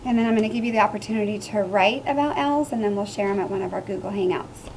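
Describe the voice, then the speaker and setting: A woman teacher reading a picture book aloud to children, making loud high animal sounds. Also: quick pace, noisy background.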